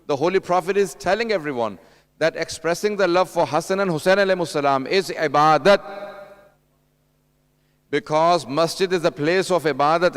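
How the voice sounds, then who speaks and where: A man with a slightly high, clean voice delivers a conversational sermon as a religious lecturer at a mourning gathering. He speaks straight to the audience, telling anecdotes and acting out dialogue.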